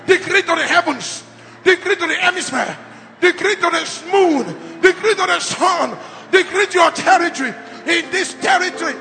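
Here a man with a very high voice and vocal fry preaches at a moderate pace in a large church hall, fervent and charismatic. He often shouts repetitive decrees and calls the crowd to say them back. Echo and faint music fill the recording.

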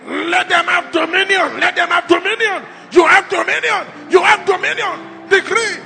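A man's voice: very high-pitched, normal speed, vocal fry. A man preaching a fervent charismatic sermon, leading the crowd in repeated decrees and calls to repeat after him. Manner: repetitive call-and-response decrees, often shouted. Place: large church hall. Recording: echoey church hall with faint music.

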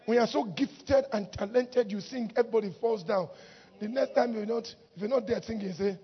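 A woman preaching a lively sermon in church, laughing often and breaking into shouts. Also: fairly high pitch, brisk. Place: church hall. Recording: muffled recording in a reverberant hall.

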